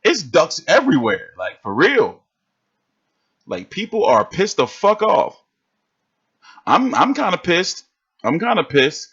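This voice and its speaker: A man's voice: high voice, slow pace, long pauses, slightly rough, dull audio. Fired-up profane streaming man. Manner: animated, swearing, fired-up. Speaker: livestream host reacting to boxing. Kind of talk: casual profane livestream rant.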